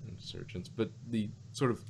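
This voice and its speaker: A man's voice: on the low side, normal speed, creaky, a little mellow, a little hiss or hum. A man co-hosting a casual review podcast, thinking aloud with lots of fillers and restarts. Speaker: podcast co-host.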